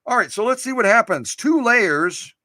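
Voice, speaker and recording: Lively, bright-voiced playful man. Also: extremely high pitch, normal speed, no echo. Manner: playful and jokey, cheers on the machine and camera. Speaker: host restoring and demonstrating vintage sewing machines. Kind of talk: casual hands-on demonstration. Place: home workshop.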